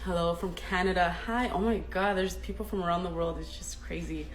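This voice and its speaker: A woman's voice: lowish voice, fairly quick. A young woman hosting a live stream, chatty and openly nervous, reading out viewer comments and laughing between them. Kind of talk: casual live-stream chat. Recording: roomy echo, faint music.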